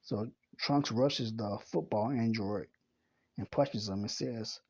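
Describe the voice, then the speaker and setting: A man reading a comic chapter aloud in a plain, unhurried way, correcting himself as he goes. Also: lowish voice. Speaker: comic reader.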